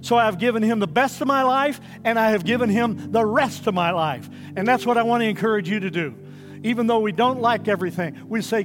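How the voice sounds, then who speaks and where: A pastor with a high voice delivers an earnest, storytelling sermon and prayer, leaning on key phrases and stretching them out. His voice carries through a large church hall with a long, ringing reverb. Faint music sits low underneath. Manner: earnest, emphatic preaching with drawn-out phrases.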